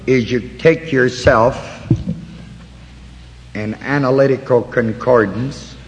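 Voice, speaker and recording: Guy teaching bible study real slow and careful, echoey hall, bit of hiss. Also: mid-range voice, steady tone. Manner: slow, deliberate, pausing to point out references.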